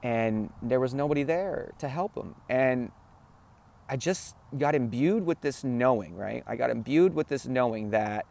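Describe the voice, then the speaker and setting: A man's voice: medium pitch, lively intonation, a little slow, vocal fry, darkish tone. Earnest man telling a heartfelt story. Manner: earnest, repeats phrases, keeps asking "right?". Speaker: spiritual talk host. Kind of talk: emotional personal storytelling.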